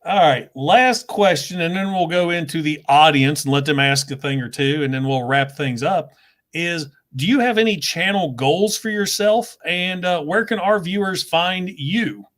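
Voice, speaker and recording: A man hosts an easygoing talk with a fellow creator, his voice fairly high and his pace moderate. He chats freely, laughs frequently, and livens up when telling stories.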